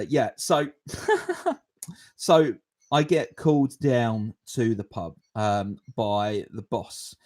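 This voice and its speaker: Fairly low in pitch, a twenty-something man hosts a podcast, answering viewer questions and spinning a rambling story. His manner is casual and animated, punctuated by frequent chuckles.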